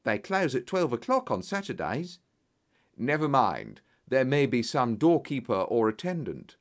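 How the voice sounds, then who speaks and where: A man doing a confident, brisk detective. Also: medium pitch, huge pitch swings. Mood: explaining. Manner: brisk, explanatory, commanding. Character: sharp, confident male detective, middle-aged.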